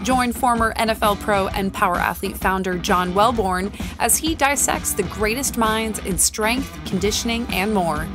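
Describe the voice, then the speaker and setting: A woman's voice: medium pitch, moderate pace, hardly any pauses. A woman reading a scripted podcast intro as the show announcer, in a punchy promo style. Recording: over loud music bed.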